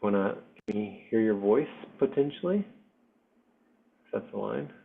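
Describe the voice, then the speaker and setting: Man, host, low-pitched, creaky, hesitant with ums, video call, tinny line. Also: expressive. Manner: soft-spoken, hesitant, full of pauses and ums. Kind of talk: heartfelt spiritual community talk. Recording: tinny call audio with faint music.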